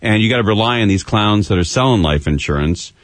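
A man's voice: fairly low pitch, animated, quick pace, no echo. A man hosting a radio talk show, chatting loosely and teasing his co-host, speaking into a studio microphone. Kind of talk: casual radio chat.

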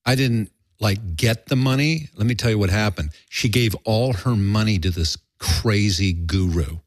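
A man's voice: lowish voice, measured pace, no echo, clean studio sound. An older man telling a rambling, profane story in a candid interview, acting out quoted voices. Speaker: guest.

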